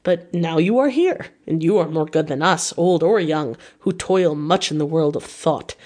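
A woman reading the lines of a grave, kindly old male professor, speaking slowly and formally in a storybook reading. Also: low voice, a little mellow.

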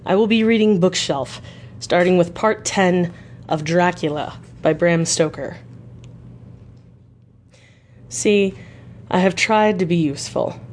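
A woman narrating a classic novel for a radio reading service, reading in a clear, even, unhurried way. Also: on the low side, slight background noise. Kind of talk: audiobook narration.

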